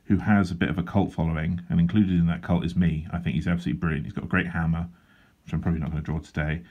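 A man's voice: low-pitched, darkish tone, lo-fi sound. A man, a comic artist, chatting casually while he draws, full of dry, self-deprecating humour and rambling asides. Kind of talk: casual drawing vlog chat. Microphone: handheld wobbling camera.

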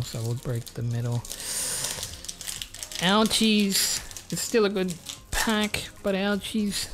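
Australian male unboxer, young, lively up-and-down delivery, swears a lot, faint music underneath. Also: on the high side. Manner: excitable, swears freely, rambling. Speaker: YouTuber. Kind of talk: casual card-unboxing chat.

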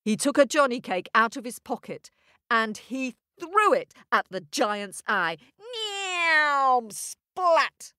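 A woman storyteller narrating a children's story in an animated, sing-song way. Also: a little high, unhurried, no echo, clean studio sound.

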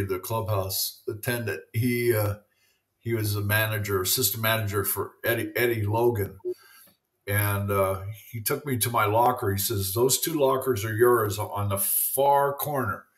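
With a fairly low, somewhat bright voice, this retired pitcher in his seventies spins meandering stories as an interview guest, saying "you know" often. He keeps a steady tone at a moderate pace.

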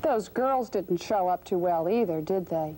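Gentle woman hosting children's TV. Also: lowish voice, lively intonation, a little slow, a little hiss or hum. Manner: gentle, questioning, patient. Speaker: children's TV host. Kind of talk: talking to young viewers.

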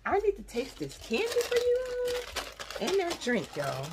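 A woman's voice: very high voice, unhurried, very noisy. A woman, chatting casually in a haul vlog, tasting snacks and sometimes talking with her mouth full. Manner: chatty and expressive, says "y'all" often; talks with her mouth full while chewing. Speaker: vlogger.

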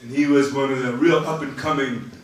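A man delivers a public history lecture in a measured, halting way, pausing often with "uh" between phrases. His voice sits at an ordinary middle pitch. It is picked up from some distance in a very echoey hall with a faint room hum behind it. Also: fairly even intonation.

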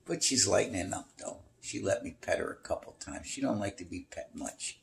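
Holding a camera on his cat at home, where there's a screened-in porch, a man first baby-talks to her and then rambles through a story. His lowish voice is gravelly and animated, at a normal pace with few pauses, over slight background noise.

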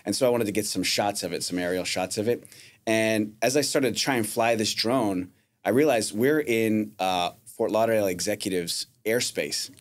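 A man's voice: on the low side, moderate pace. A man, a painter and contractor, telling rambling anecdotes in casual chat and acting out the voices he quotes.

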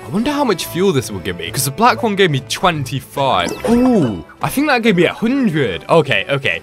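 A young man giving excitable, playful commentary while playing a video game, exclaiming often. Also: medium pitch. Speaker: gaming video creator.

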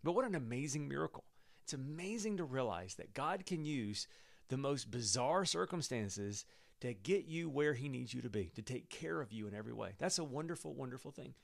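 Gravelly, animated man teaching the Bible. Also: medium pitch, brisk. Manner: animated, emphatic, with chuckles.

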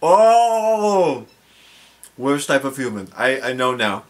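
A man's voice: medium pitch, normal speed, bright, forceful tone. A man giving casual, laid-back commentary while reacting to a cartoon. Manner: laid-back, laughing remarks. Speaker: reaction video host.

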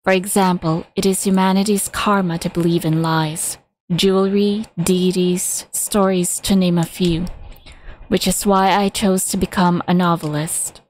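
A woman reading a game's story aloud at a measured pace, now and then stumbling or adding casual asides. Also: lowish voice, fairly even intonation, darkish tone, a little hiss or hum, low-quality recording. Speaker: reader of game story.

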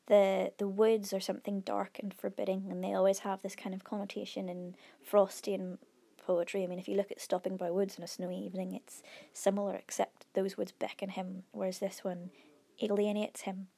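Woman teacher analysing a poem, gravelly. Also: medium pitch, level tone, dark tone. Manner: measured explanatory analysis with fillers and restarts. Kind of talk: analysing a poem on a whiteboard recording.

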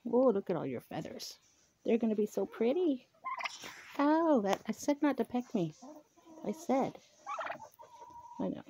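A woman outdoors in her chicken yard, cooing at and gently scolding her birds as she films them on a handheld camera. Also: a little high, very animated, unhurried, pauses often, noisy background. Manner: coos and scolds her birds softly, often murmuring. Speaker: vlogger tending her chickens. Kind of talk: casual talk to animals.

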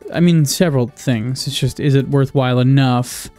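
Over soft background music, a young man with a medium-pitched, slightly mellow voice gives a casual let's-play at a moderate pace with few pauses. As a gaming video creator, he rambles, swears heavily, stays sarcastic, and frequently breaks off mid-sentence.

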